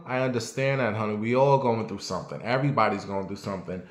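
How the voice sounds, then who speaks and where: A man in his late thirties hosts his own show from home, giving a blunt, profanity-heavy casual commentary and asking his audience what they think. He talks fast in a lowish voice. The room is echoey.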